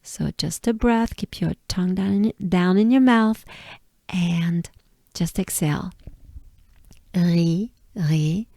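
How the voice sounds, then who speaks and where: A woman from France with a French accent, patiently teaching pronunciation and repeating each sound slowly. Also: fairly low pitch, gravelly, dark tone, dry recording, studio quality. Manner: patient, drills words by repeating them. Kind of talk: slow pronunciation lesson.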